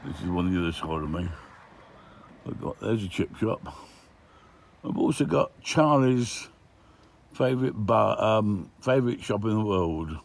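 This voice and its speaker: Fairly low and expressive, this older man's voice is a little slow, with vocal fry and frequent pauses. He's a van life vlogger chatting casually on handheld camera as he tours villages, outdoors and from his van, with grumbling "eh?" asides.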